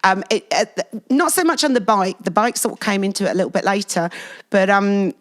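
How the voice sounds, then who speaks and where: A middle-aged woman, a guest telling animated stories in a casual interview. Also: mid-range voice, a little fast. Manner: lively, animated storyteller with frequent laughs.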